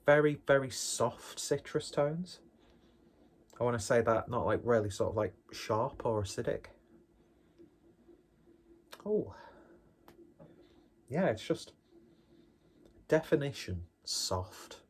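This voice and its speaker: A man's voice: mid-range voice, expressive, slow pace, pauses often, a little hiss or hum. A man casually reviewing a beer on his vlog in a rambling, jokey, self-deprecating way.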